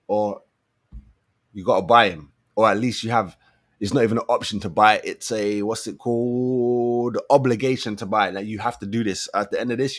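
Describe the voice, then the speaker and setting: A man's voice: medium pitch, dry recording, studio quality. A young man, giving a casual football fan commentary full of slang, often repeating himself for emphasis. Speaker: football fan channel host.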